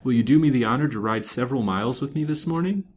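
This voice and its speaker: A man voicing a confident detective in a brisk, firm, assured manner. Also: mid-range voice, a little mellow, slight background noise, pitched above the performer's own voice, close to an everyday voice.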